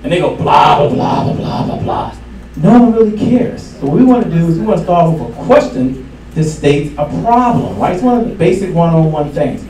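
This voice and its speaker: A man giving a live sales seminar to an audience, energetic and repeating his key lines for emphasis. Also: fairly high pitch, fairly quick. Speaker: sales trainer. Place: event room with an audience. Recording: echoey room from far off, faint hiss.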